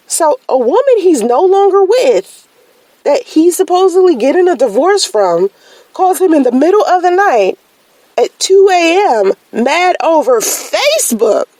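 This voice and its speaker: Woman, casual storyteller, slangy, lively swings in pitch, mellow tone, dry close sound. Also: dry recording, poor audio. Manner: animated, slangy storytelling with sudden high-pitched exclamations. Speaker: vlogger telling a personal story.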